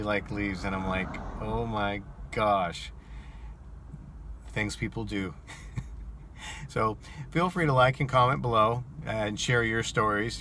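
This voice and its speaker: A man who drives for rideshare apps, casually telling an animated, incredulous story to his viewers. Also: lowish voice, a little hiss or hum.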